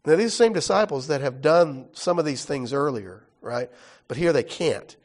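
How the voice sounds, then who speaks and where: A man's voice: fairly high pitch, expressive, moderate pace. Man teaching a conversational Bible class. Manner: explains casually, often checks in with "right?".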